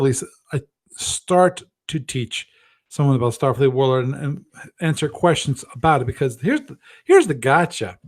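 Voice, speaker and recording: This gaming livestream host has a medium-pitched, somewhat dark voice. He chats casually and works through his thoughts out loud, often starting over mid-sentence and tossing in self-deprecating remarks.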